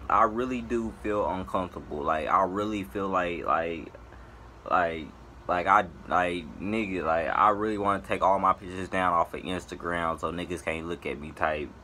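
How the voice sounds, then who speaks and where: Male vlogger, bright and tense tone, exasperated profane rant to camera. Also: normal speed, slight background noise. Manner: profane, exasperated ranting, swinging up and down in pitch. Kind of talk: ranting to camera.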